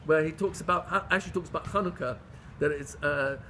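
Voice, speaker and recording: A man teaching a Torah class to a group. He questions his listeners and swings between loud pleading and hushed intimacy. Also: a little high, fast, a little hiss or hum. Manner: questions the audience. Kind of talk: Torah lecture to a live group.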